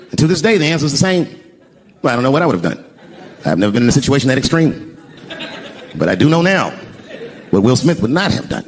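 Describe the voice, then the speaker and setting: A man telling a profane stand-up story on stage, breaking into shouted impressions. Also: mid-range voice, big pitch swings, fast, long pauses. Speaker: stand-up comedian. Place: comedy stage before a live audience. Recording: live show with crowd laughter and noise.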